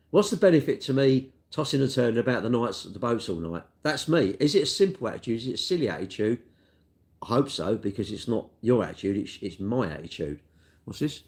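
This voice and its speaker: A man's voice: medium pitch, a little mellow. A middle-aged man, a car dealer chatting casually on a live stream and answering viewer comments in a rambling way. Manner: chatty, rambling, tag questions like "innit".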